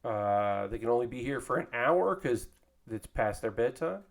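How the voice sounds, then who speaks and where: A man's voice: medium pitch, lively intonation, moderate pace, creaky. Man, stream host, casual rambling chat, lots of fillers, talks while building. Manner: rambling, chatty, with many fillers and restarts; talks while assembling a model kit. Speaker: streamer building model kits.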